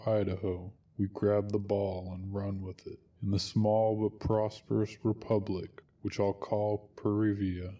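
A man's voice: fairly low pitch, dark tone, distant mic. A man narrating a wry first-person story in a dry tone.

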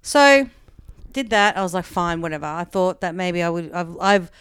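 Woman comedian, casual storytelling, lots of "like", acts out dialogue, low smooth voice, dry close sound. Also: lively intonation, normal speed, fairly bright tone, no room sound. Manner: chatty, peppered with "like", acts out quoted dialogue.

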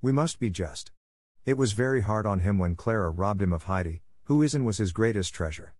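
Guy doing a sweet old grandma voice, gentle and a bit lecturing, kinda low underneath, dry close sound. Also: animated, a little fast, no room sound. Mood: kindly. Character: kind elderly grandmother, gentle and wise. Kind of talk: audiobook character voice.

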